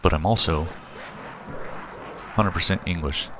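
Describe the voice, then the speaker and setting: A man's voice: low voice, a little slow, noisy background. A man from in his thirties, streaming a zombie game and chatting loosely with viewers, often rambling and breaking off mid-thought. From Missouri, USA. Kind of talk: casual chat while gaming. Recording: game music and gunfire behind.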